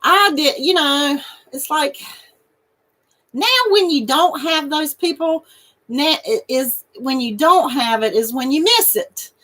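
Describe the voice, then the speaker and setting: A woman's voice: sits high, slow pace, sharp tone. A woman hosting a crochet channel, chatting casually with viewers and laughing and snorting often. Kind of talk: casual live chat reading viewer comments.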